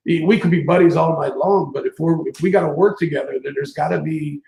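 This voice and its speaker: A man hosting an interview, chatty and animated, telling stories and laughing often. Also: on the high side, fairly quick, vocal fry. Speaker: interview host. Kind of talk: casual interview chat. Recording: echoey room.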